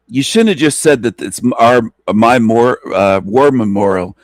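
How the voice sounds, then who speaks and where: A man's voice: medium pitch, animated, moderate pace, few pauses, dry recording. A man hosting a livestream, ranting bluntly and with profanity about his critics. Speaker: channel host. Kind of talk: livestream commentary.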